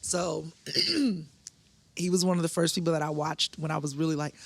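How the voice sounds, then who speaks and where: A woman's voice: normal speed, gravelly, dry recording. A woman comedian, a podcast guest, telling stories in casual chat and acting out the voices of people in them. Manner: animated, acts out others' voices in big pitch jumps.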